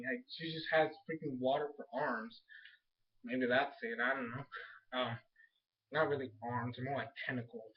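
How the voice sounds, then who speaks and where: A young man rambling excitedly through a casual recap of a show episode, full of slang. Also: fairly high pitch. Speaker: show reviewer. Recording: dull lo-fi recording.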